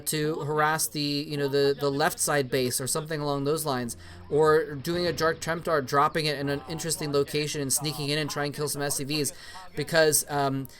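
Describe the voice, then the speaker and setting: This is a man commentating a strategy-game match on his own, in a loose, conversational way. He often stammers over his words and repeats himself. At the big moments his voice shoots up into excited, high-pitched cheers. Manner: chatty, jokey asides. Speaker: esports commentator. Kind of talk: solo play-by-play commentary over an old match.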